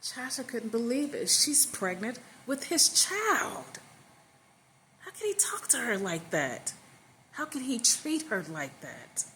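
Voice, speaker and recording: A woman's voice: on the high side, very animated, slow, sharp tone, slight background noise. A woman narrating a story casually in her own words, with fillers and emphatic stress.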